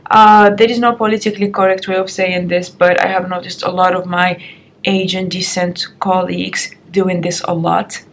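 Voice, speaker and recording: A woman's voice: lowish voice, level tone, normal speed, slight background noise. A young woman vlogging frankly and chattily as she does her makeup at home, recorded on the compact camera's built-in mic. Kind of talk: get-ready-with-me advice vlog.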